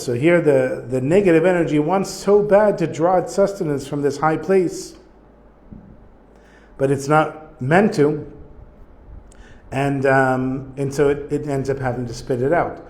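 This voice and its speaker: A man leads a casual study lesson, reading lines of Hebrew and then unpacking them in easygoing English. He pauses to search for examples and talks as if thinking out loud, at a medium pitch. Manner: reads Hebrew text then explains it in plain English, thinking aloud. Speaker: Torah teacher.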